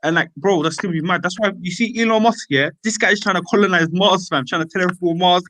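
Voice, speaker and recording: A young man in casual chat, animated and slangy, stacking filler tags. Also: high voice, fast, a little hiss or hum. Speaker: open mic speaker.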